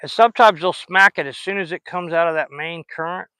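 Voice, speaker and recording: A man's voice: a little high, brisk, bright, forceful tone, clean tone, no room sound, poor audio. A man with a Southern US accent chatting in a folksy, rambling way while fishing outdoors on a river. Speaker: fishing vlogger. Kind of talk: casual chat while fishing.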